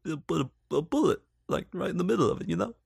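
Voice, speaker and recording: A man's voice: fairly high pitch, huge pitch swings, fast talker, creaky, a little mellow, husky, no room sound. A man giving casual, sarcastic movie commentary, swearing freely and laughing often. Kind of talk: casual film review commentary.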